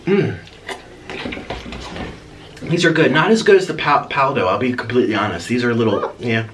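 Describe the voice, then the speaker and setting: A man with a mid-range voice and moderate pace hosts a mukbang vlog, rambling playfully to viewers while cooing at his pet bird. He's recorded on a distant mic with noticeable background noise.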